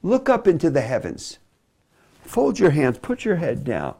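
Emphatic male preacher teaching a class, lively up-and-down delivery. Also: fairly high pitch, measured pace, creaky, husky. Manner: animated, emphatic delivery with sudden drops to a quiet voice. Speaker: preacher teaching public speaking. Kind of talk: preaching lesson on speaking.

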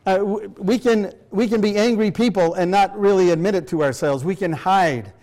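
A man's voice: high voice, normal speed, a little mellow. Older male preacher, emphatic and questioning. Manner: emphatic, rhetorical questions to the congregation. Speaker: pastor. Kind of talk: sermon.

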